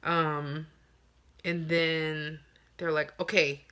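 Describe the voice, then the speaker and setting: A young woman vlogger casually telling a personal story to the camera, chatty and animated, acting out what people said. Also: low-pitched, unhurried, noisy background.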